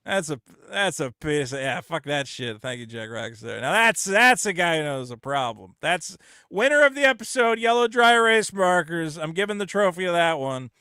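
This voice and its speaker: A man hosting a call-in show, rambling and swearing, acting out quotes in high voices. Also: big pitch swings, moderate pace, bright, forceful tone, clean tone, dry recording, studio quality. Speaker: host. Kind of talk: casual call-in show banter.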